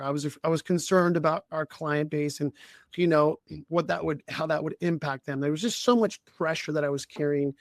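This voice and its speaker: A man who coaches leaders and co-hosts a podcast. He tells a personal story in conversation, in a halting way with many restarts and frequent throat-clearing. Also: fairly high pitch, no room sound, clean studio sound.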